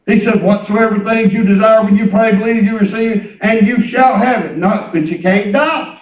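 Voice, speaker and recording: A man's voice: high voice, normal speed, reverberant, distant mic, poor audio. A man preaching a sermon in a folksy storytelling way, acting out conversations. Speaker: pastor. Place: church hall.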